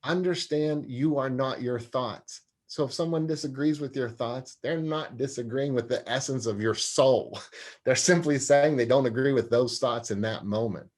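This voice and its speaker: A man's voice: mid-range voice, moderate pace. Earnest man explaining anger management. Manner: earnest, animated, acts out quoted voices. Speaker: guest, anger management specialist and sports psychologist. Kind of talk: interview conversation.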